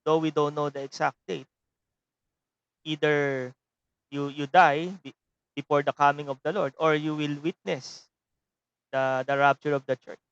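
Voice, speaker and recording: Male teacher, Filipino accent, higher-pitched, loose and rambling online lecturer; muffled call audio. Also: flat delivery, a little slow, pauses often, fairly bright tone, smooth. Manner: rambling, tags phrases with a questioning "no?". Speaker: seminary mathematics teacher.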